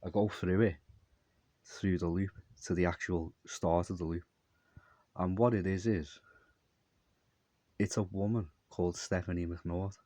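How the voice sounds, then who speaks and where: A man's voice: deep voice, fairly even intonation, measured pace, long pauses, dark tone, no room sound. A man telling a long, meandering story in a repetitive monologue. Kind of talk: rambling monologue.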